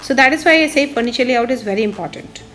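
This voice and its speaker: A woman's voice: fairly high pitch, lively intonation, fast, a bit bright. Woman architect explaining a floor plan. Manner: explains step by step, pointing out spots on a drawing. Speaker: architect and interior designer. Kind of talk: instructional walkthrough of a floor plan.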